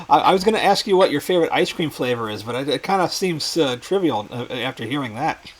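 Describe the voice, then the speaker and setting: A man's voice: on the high side, expressive, fast, poor audio. A man with a New York accent hosting a casual interview, stammering and repeating words, laughing often. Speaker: podcast host.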